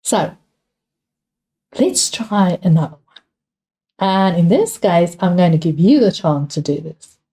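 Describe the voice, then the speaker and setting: Patient, mellow-voiced woman teacher, South African. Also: on the low side, expressive, slow pace, pauses often. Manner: patient, repeats key points, asks students questions. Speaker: English teacher. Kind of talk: exam revision lesson.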